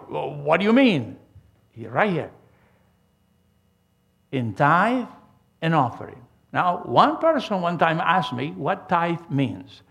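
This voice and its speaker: Older preacher man, gravelly and animated. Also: a little high. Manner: emphatic preaching with a storytelling style, frequent restarts. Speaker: pastor. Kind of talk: sermon.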